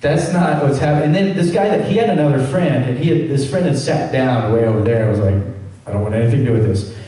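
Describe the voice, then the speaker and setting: A voice actor answering fan questions on a convention panel, chatting casually and telling stories full of "like" and acted-out quotes. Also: male voice, mid-range voice, warm tone, slight background noise. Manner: chatty, fills with "like", acts out quotes. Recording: very echoey hall, voice far from mic.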